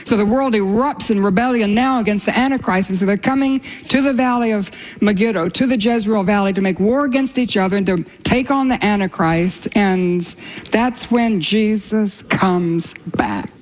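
Woman Bible teacher, sermon delivery, impassioned, swings from lifted scripture reading to hushed whispers. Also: normal speed. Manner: impassioned, rising pitch when reading scripture, drops to soft whispers for emphasis.

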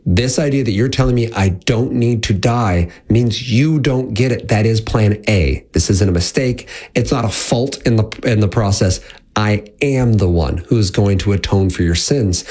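Husky low-voiced man preaching casually. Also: darkish tone. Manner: casual conversational preaching with fillers. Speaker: pastor. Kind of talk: sermon.

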